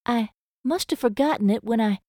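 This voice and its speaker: A prim, easily flustered young schoolteacher with formal, genteel speech and a voice lifted well above the woman narrator's own, as she acts her out. The tone stays mellow and the audiobook sound is dry and close. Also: on the high side, moderate pace, no room sound, voice pushed up, natural voice. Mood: tearful.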